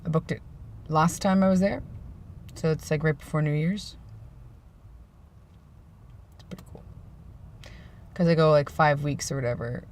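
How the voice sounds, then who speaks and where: A man's voice: fairly high pitch, moderate pace, gravelly, pauses often. A man talking in a casual vlog monologue, rambling and sarcastic. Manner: rambling, self-described sarcastic joker. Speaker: vlogger.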